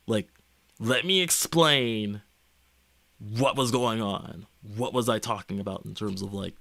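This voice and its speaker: A young man streaming, talking casually in a rambling, halting way full of fillers and restarts. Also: lowish voice, fairly bright tone, dry recording. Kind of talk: casual livestream chat.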